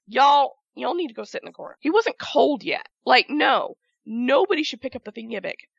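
A woman's voice: high voice, sing-song, fairly quick, vocal fry, a bit bright, breathy edge, dry recording, highs cut off. A woman delivering an emphatic, profane rant as a wrestling fan, repeating herself for emphasis in casual commentary.

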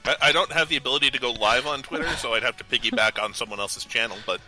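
A man's voice: medium pitch, quick pace, bright, forceful tone, soft background music, poor audio. A man, the show's intern, chiming in with sheepish, laughing asides during radio banter. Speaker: show intern. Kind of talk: casual wrestling radio banter.

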